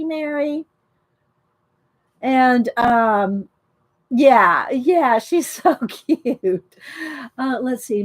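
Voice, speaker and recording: A woman's voice: a little high, fairly bright tone. A woman chatting casually and enthusiastically at her craft desk, rambling about art supplies as she talks to her live viewers. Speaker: art journaling host.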